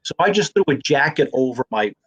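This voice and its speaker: A man's voice: mid-range voice, brisk, husky. A man, an actor and comedian telling stories in a casual conversation and acting out the dialogue. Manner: animated storyteller who acts out quoted dialogue.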